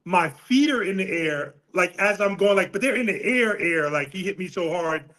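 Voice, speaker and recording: Animated high-voiced New man. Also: moderate pace, low-quality recording. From New York City. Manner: animated, laughing, profane storyteller. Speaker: boxing coach, guest. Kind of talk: casual storytelling interview.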